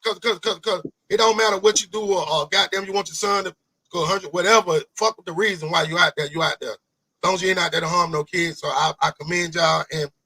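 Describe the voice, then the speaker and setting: A man hosting a casual podcast, talking in animated, rambling bursts full of swearing and restarts. His voice sits high and has a gravelly, husky edge. The sound is dry and close. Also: dry recording, rough recording. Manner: animated, rambling, profane, repeats himself. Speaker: podcast host. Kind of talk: casual interview chat.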